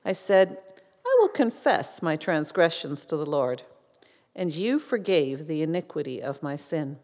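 A woman reading a psalm aloud in church, slow and measured. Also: low-pitched, very animated, darkish tone. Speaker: scripture reader. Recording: long church reverb.

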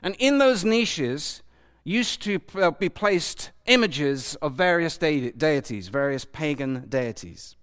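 A man's voice: on the high side, lively intonation, slow pace, a bit bright, clear, resonant tone. A man preaching a sermon to a live audience, asking his listeners questions and acting out the voices he quotes.

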